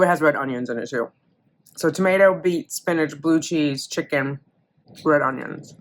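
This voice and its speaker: A young adult woman with a low-sitting voice chats casually in a vlog about her day, telling her story with animated energy. A little hiss or hum can be heard on the recording.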